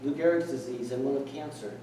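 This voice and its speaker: A man's voice: medium pitch, fast talker, mellow, slight background noise. A middle-aged man giving a speech at a meeting, telling a personal story in an earnest, reflective way and acting out the dialogue. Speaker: speaker. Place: meeting hall. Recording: echoey room, distant mic.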